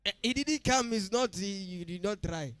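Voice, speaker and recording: A man's voice: sits high, normal speed, a bit bright, smooth. A man with a Ghanaian accent preaching a midweek church sermon, emphatic, repeating phrases and questioning the congregation directly. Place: church service.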